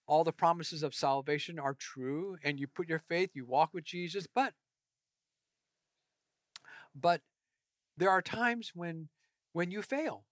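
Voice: medium pitch, fairly bright tone, no room sound. A pastor delivering an earnest, emphatic sermon.

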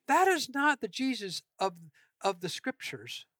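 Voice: medium pitch, sing-song, measured pace, fairly bright tone, no room sound. A pastor delivering an earnest, emphatic sermon.

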